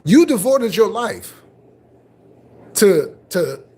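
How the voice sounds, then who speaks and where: Husky, animated man ranting on a livestream. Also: sits high, extremely slow. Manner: confrontational, repetitive, mocking. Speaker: livestream host. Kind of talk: live stream commentary rant.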